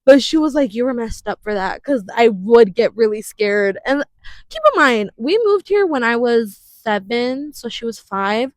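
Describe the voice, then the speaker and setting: Twenties woman cohosting a podcast, kinda high voice, dry close sound, lots of likes and laughs. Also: lively intonation, unhurried, no room sound. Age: 20s. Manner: chatty, laughs often, uses many fillers. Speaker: podcast co-host. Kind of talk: casual chat.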